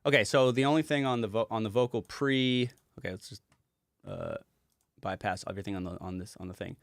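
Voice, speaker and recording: A rambling, casual man explains a mix as a music producer, swearing offhandedly. His voice sits on the low side and the sound is dry and close, with no room around it. He talks loosely and piles on fillers. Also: big pitch swings, fairly quick, vocal fry, no echo.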